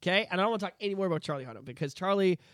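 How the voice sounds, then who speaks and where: High-pitched, excitable ranting man. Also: rapid-fire, no room sound. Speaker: podcast host. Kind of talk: casual chat.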